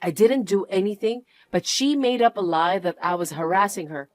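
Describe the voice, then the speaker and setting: An actress playing a wronged young wife who answers with cool, firm defiance. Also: female voice, medium pitch, normal speed, no room sound, lightly acted. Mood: defiant. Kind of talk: narrated drama acting.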